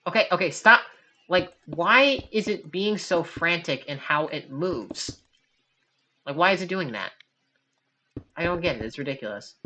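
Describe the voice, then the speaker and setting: A woman's voice: lowish voice, expressive, a little slow, pauses often, sharp tone, slight background noise. A woman live-streaming, chatting casually with her chat in a rambling, giggly, self-deprecating way.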